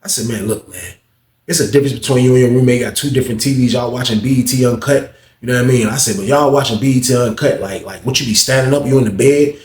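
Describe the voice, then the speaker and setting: A man telling a prison story casually, acting out other voices and getting loud when excited. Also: fast. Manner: acts out other people's voices, jumps high when excited. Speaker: storyteller recounting prison life. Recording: echoey room.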